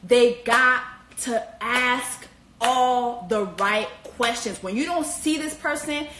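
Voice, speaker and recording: Woman host, casual slangy gossip, profane, animated, higher voice, echoey room. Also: slow. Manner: animated, slangy and profane, with high-pitched exclamations. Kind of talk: casual reality-TV commentary.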